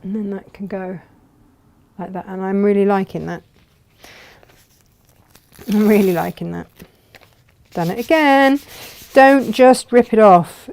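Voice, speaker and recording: A woman's voice: medium pitch, measured pace, pauses often, a little mellow. A woman hosting a live textile craft demonstration, chatting and thinking aloud as she works.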